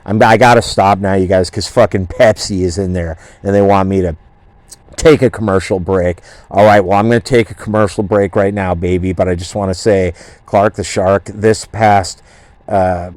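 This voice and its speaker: A man's voice: low voice, fairly even intonation, normal speed, a little mellow, no room sound. A man hosting a talk radio show, boastful and swaggering, with a rambling, profane delivery. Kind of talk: brash comedic talk radio rant.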